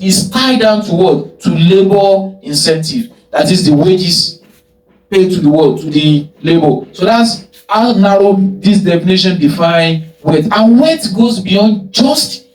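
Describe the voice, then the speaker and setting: High-voiced man lecturing in an echoey room. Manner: asks rhetorical "what?" then answers, repeats phrases. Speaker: economics teacher. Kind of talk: recorded lecture. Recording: echoey room, mic at a distance.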